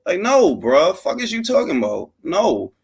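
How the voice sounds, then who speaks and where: A man's voice: high voice, moderate pace, husky. A man hosting a late-night boxing talk show, rambling casually with lots of slang and swearing. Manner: animated, rambling and profane, full of fillers and slang. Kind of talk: casual unscripted commentary.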